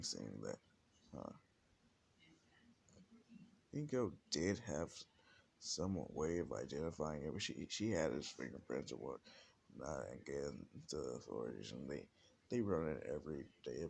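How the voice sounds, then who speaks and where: A man's voice: extremely low pitch, gravelly. A man telling an improvised fan story in a rambling way, full of restarts and "like". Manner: rambling, many restarts and fillers like "like". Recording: faint background hiss.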